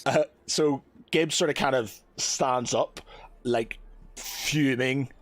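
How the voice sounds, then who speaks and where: A man running a tabletop game as game master, his voice at a middling pitch. He rambles loosely and hedges constantly with filler words. The recording is dry and close. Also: slow pace, no echo.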